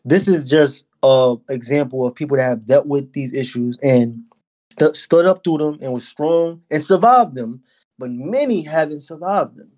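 A man hosts a podcast and asks his questions in an easygoing way. He keeps his guest going with encouragement, in a voice a little above the usual pitch. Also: moderate pace, darkish tone. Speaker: podcast host. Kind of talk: casual interview.

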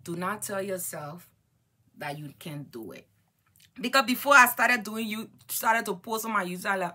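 Bright, excited woman chatting through her makeup. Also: medium pitch, moderate pace, breathy edge. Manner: excited, chatty, repeats herself. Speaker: beauty vlogger. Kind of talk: casual get-ready-with-me chat.

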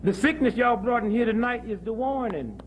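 High-voiced man lecturing with jokes. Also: lively intonation, a little fast, a little hiss or hum, poor audio. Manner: preachy, joking, storytelling. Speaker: speaker. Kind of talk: comic health lecture to an audience.

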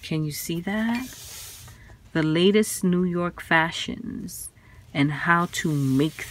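Woman vlogger, slow and low-pitched, awed, careful show-and-tell. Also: slight background noise. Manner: awed, exclaiming, handling fragile items carefully. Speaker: vintage craft vlogger.

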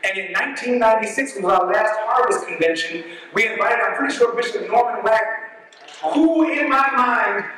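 A man with a very high voice preaches a testimony sermon in a church sanctuary. He darts through quick asides, then slows right down to lean on key lines. His voice rings out with a long reverb trail. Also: pushed and bright, slightly rough. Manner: swings from quick asides to slow emphatic lines.

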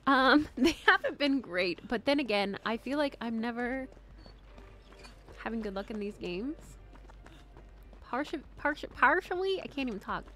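Excitable high-voiced woman streamer. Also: moderate pace, pauses often. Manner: excitable, giggly, screams and swears when startled. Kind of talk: live gameplay stream chatting with viewers.

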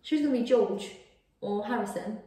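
A woman's voice: on the high side, fairly quick, mellow, slight background noise. A woman, chatting casually and giggling as she rambles through a Q&A with her partner. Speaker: YouTube host. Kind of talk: casual couple chat. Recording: echoey room from a distance.

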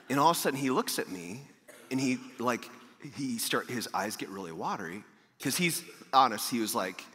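A man preaching a sermon as a pastor, telling a story in a lively way and acting out the people in it. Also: medium pitch, moderate pace. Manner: animated storyteller, acting out dialogue. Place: large church hall. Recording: echoey church hall.

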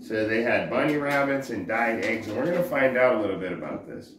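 A man giving an informal scripture teaching as a religious teacher, halting and often searching for words. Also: medium pitch, lively intonation, over music. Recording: roomy echo, faint background noise.

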